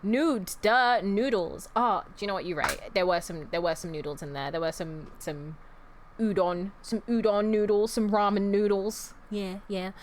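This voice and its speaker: A woman's voice: medium pitch, normal speed, a little hiss or hum. A young woman streamer in casual chat with her viewers, rambling, correcting herself and swearing as she goes.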